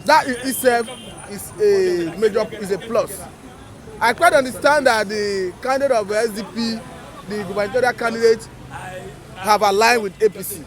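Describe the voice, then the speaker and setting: Calm analytical man. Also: sits high, normal speed. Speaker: political analyst. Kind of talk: measured political commentary. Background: crowd noise.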